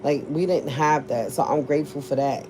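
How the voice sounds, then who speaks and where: A woman's voice: low voice, fairly even intonation, normal speed, noisy background. A woman in her forties telling a casual story to her viewers, blunt and profane, laughing often as she talks. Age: 40s. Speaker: vlogger.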